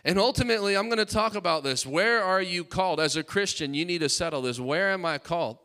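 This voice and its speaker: A man preaching in church, his voice sitting a little higher than most men's. He delivers his sermon with fervent emphasis, hammering on repeated phrases and calling on the congregation to answer back. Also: animated, fast, sharp tone. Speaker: pastor.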